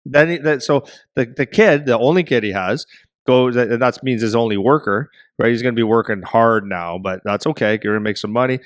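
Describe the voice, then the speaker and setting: A middle-aged man co-hosting a hockey podcast, telling a story in a rambling, animated way and acting out voices. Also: mid-range voice, fairly quick, no echo, clean studio sound. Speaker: podcast co-host and hockey parent.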